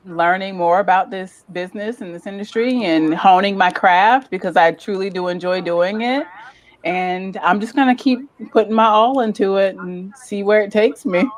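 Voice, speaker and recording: A woman guest in a casual interview, chatting in an animated way and laughing often as she tells stories. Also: medium pitch. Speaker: guest, lifestyle content creator.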